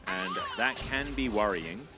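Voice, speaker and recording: Ein australischer Kommentator mit tiefer, sehr beweglicher Stimme begleitet ein E-Sport-Match live und scherzt dabei gern. Im Hintergrund läuft deutlich Musik. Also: male voice, on the low side, unhurried. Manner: jokey, animated banter. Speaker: esports caster. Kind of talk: live play-by-play commentary. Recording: music in background.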